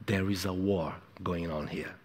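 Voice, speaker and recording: A man preaching a sermon in an emphatic, repetitive way, moving between hushed and loud delivery. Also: deep voice, fairly even intonation, a little slow. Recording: echoey hall with long reverb.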